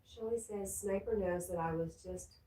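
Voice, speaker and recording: A woman's voice: medium pitch, normal speed, dark tone. A woman hosting a casual livestream from home, reading viewer comments aloud and chatting back. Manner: reads viewer comments aloud, breaks off to scold her dog. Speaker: livestream host reading chat. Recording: roomy echo, distant from the mic, faint ambient noise.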